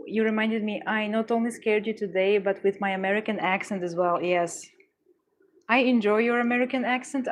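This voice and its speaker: A woman chats to her livestream viewers while she works, rambling along with playful deadpan jokes. Her voice is mid-pitched for a woman. A faint hiss sits under the recording. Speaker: livestream artist. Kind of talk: casual livestream chat reading comments.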